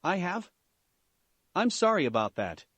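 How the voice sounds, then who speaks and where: A man's voice: sits high, big pitch swings, a little slow, fairly bright tone, no echo, voice pushed up, full character voice. A man voicing a polite, mild-mannered teenage schoolboy who stays unflappable.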